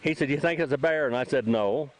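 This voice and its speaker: Outdoors near a trailhead, an older man hosts a casual chat and tells a rambling story about a sighting he witnessed, repeating himself as he acts out what people said. His mid-range voice moves at a quick pace, and the recording is rough.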